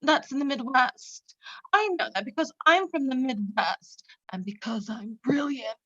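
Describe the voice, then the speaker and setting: Woman acting as a self-absorbed radio host, comedic parody, whiny, swooping lively voice, high pitch. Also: a little slow, no echo, highs cut off, exaggerated voice. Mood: self-important. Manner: boastful, whiny, melodramatic. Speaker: comic actor.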